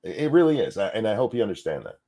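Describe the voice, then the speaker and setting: Brief: middle-aged male co-host, low voice, very animated delivery, profane jokey live-stream banter. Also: racing, creaky. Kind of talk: casual live stream chat reading donations.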